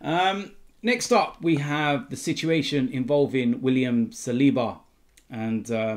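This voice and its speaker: Man, football vlog host, casual roundup, chatty, lots of ums, mid-pitched voice. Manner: chatty, filled with frequent ums. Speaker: football fan channel host.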